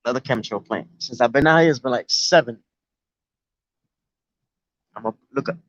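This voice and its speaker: A man's voice: mid-range voice, normal speed, a bit bright, no echo. A man with a New York accent talks loosely and profanely to his viewers on a casual live stream. He is recorded outdoors on a phone. The sound is dry and a bit dull. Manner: loose, profane street talk. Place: outdoors near the beach.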